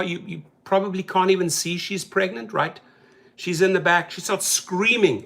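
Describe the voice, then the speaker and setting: A man's voice: high-pitched, normal speed. A man hosting a rideshare channel, talking casually and animatedly about a news story and acting out the people in it. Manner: animated, talks to viewers as "bro", acts out quotes.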